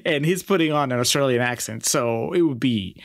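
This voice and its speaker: A man's voice: medium pitch, a little fast, no echo, studio quality. A man co-hosting a casual film podcast, chatty and enthusiastic, asking his partner questions. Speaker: podcast co-host.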